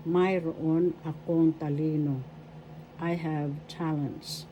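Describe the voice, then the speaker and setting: A woman from the Philippines teaching a slow language lesson, measured and repeating each example phrase. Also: deep voice, steady tone, warm tone, highs cut off, a little hiss or hum.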